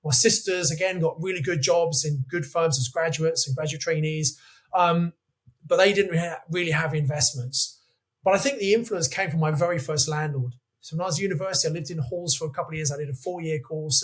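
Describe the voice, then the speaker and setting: A man in his fifties, a podcast guest telling animated anecdotes in a chatty way. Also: a little high, fairly quick. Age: 50s. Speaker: guest, property investor. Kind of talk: podcast interview storytelling.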